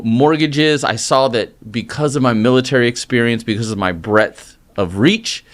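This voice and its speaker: Man, middle-aged, animated storyteller, casual interview, medium pitch. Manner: energetic, animated storytelling with acted quotes. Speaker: mortgage loan originator, guest.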